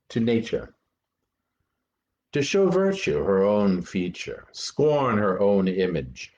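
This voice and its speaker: A man reading a play aloud as Hamlet, an earnest young prince lecturing actors, with animated, deliberate verse delivery. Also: lowish voice. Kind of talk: amateur dramatic reading. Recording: dull lo-fi recording.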